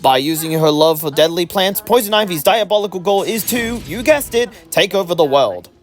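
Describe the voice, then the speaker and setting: A reviewer narrating a scripted comedic film recap with a sarcastic, lively delivery. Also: medium pitch, moderate pace, faint music behind.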